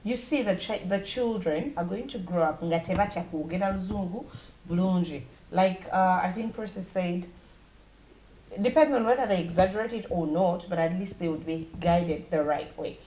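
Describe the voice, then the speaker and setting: A woman's voice: fairly low pitch, moderate pace, warm tone, echoey room, slight background noise. A Ugandan woman radio host commenting casually, switching between English and Luganda as she explains. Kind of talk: casual talk show commentary.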